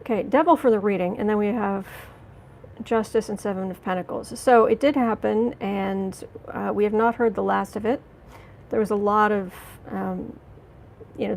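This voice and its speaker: Gravelly-voiced woman reading tarot live. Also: mid-range voice. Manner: angry and fighting to stay calm; halting, with many fillers and restarts. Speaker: tarot reader and livestream host.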